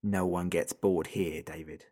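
A man's voice: low-pitched, steady tone, slightly rough, voice pushed down. A man doing a taunting phone entity. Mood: menacing. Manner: taunting, soft and slow, drawing out the listener's name. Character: sinister unseen male entity on a toy phone, mocking and hungry. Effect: tinny and thin through a phone.

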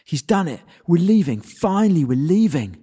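A man voicing an arrogant excitable young guy. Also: on the high side, normal speed, slightly rough, long reverb tail, pitched above the performer's own voice, full character voice. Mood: gloating. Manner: shouty, drawling, says "man" a lot.

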